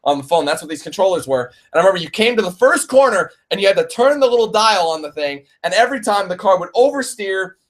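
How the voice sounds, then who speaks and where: A young man answers viewer questions in a loose, rambling live Q&A. He laughs often and drops casual swearing. His speaking voice sits somewhat high for a man. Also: expressive, quick pace, few pauses. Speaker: let's play channel host.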